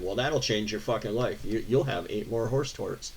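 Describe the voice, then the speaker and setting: A young American man with a husky, fairly low voice runs a car channel, reading viewer questions at a moderate pace. His reactions become profane, sarcastic, and exasperated rants.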